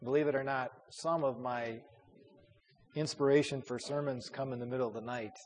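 With a steady, medium-pitched voice at normal speed, a male pastor teaches an informal Bible study, chatting with fillers and repeating himself. The recording has a long hall reverb plus a little hiss or hum.

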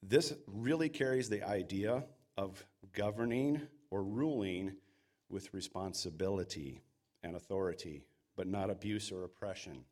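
A man's voice: low voice, darkish tone. A man preaching a sermon in an earnest, emphatic way, sometimes acting out quoted voices. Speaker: pastor.

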